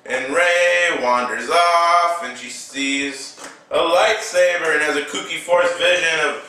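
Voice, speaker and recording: A man's voice: on the high side, slow pace, sharp tone, heavy reverb, recorded from a distance, low-quality recording. A man casually recapping a film with toy figures, rambling with lots of fillers.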